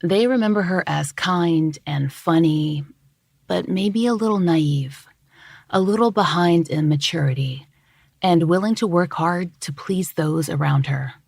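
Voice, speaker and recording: A woman host reading scripted true-crime narration in a measured, even way. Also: lowish voice, gravelly, breathy edge, no room sound, clean studio sound. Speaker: podcast host.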